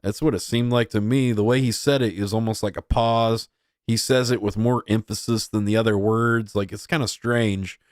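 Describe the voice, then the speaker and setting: Man, young adult, casual commentary, rambling with fillers, deep-ish voice. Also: fairly even intonation, normal speed, dry recording, clean studio sound. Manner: rambling, heavy use of filler words. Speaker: podcast host.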